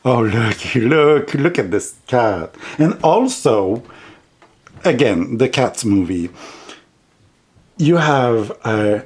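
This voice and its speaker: A man's voice: medium pitch, expressive, drawn-out words, pauses often, breathy edge. A man with a heavy non-native accent chatting casually on his tarot vlog, rambling and giggling as he goes. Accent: heavy non-native English accent. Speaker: tarot vlogger.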